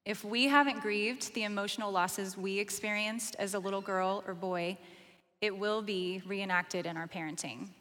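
A woman in her forties, a mother of teenagers, explaining parenting ideas in a measured, earnest way. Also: medium pitch, fairly even intonation, a bit bright, long reverb tail. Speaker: podcast co-host, mother. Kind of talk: calm reflective explanation.

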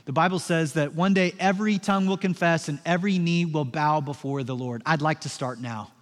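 A man with a fairly high voice preaches from the pulpit, talking to the congregation like he's chatting with them. He drops to a hushed, slow murmur, then climbs into loud, emphatic bursts. The sound rings with the long reverb of a big hall. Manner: conversational preaching, swinging from soft and low to loud and emphatic. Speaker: pastor. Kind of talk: sermon.

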